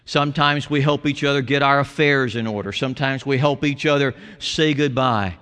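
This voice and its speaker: A man preaching a sermon as a pastor, telling a story with quoted voices and dropping to soft, intimate tones. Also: mid-range voice, normal speed, clean tone. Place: church sanctuary. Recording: long hall reverb.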